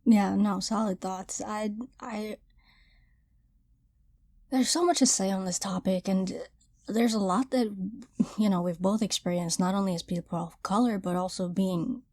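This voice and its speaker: A woman's voice: mid-range voice, measured pace, mellow. A young woman co-hosting a podcast, talking casually and thoughtfully, with a few stammered restarts. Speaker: podcast co-host. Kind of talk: casual chat.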